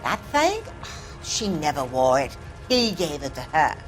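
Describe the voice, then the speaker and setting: A defensive southern landlady dodges questions with a lively, rising and falling voice. Her Southern US drawl stays tight-lipped and evasive. Soft game music sits under the video game dialogue. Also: low-pitched, a little slow, rough recording.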